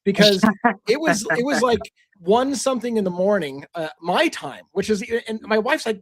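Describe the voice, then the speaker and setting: A middle-aged man hosting a livestream, short on sleep, telling a story in animated fashion and acting out quotes. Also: high-pitched, moderate pace, no room sound. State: tired from lack of sleep. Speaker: livestream host. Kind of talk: casual livestream chat.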